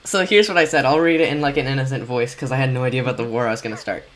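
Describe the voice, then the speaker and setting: A man hosting a casual chat, rambling excitedly with lots of restarts and fillers. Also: mid-range voice, rapid-fire, slight background noise. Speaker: podcast host reacting to a video.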